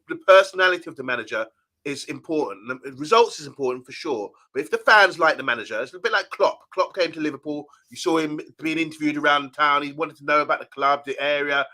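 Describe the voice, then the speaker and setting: Male co-host, bright ringing tone, chatty, reads out viewer comments on a live stream. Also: a little high. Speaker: co-host of a fan channel live show. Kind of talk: casual live-stream chat.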